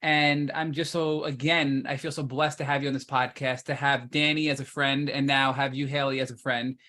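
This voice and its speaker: A man's voice: mid-range voice, little pitch movement, normal speed, sharp tone. A man co-hosting a podcast, speaking in a heartfelt, earnest way to his guest. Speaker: podcast co-host. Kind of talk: podcast interview.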